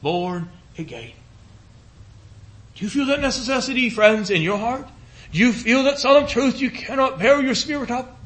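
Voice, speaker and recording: A man preaching a sermon in an earnest, pleading cadence, repeating phrases and slowing into a hushed voice on scripture. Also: very high-pitched, animated.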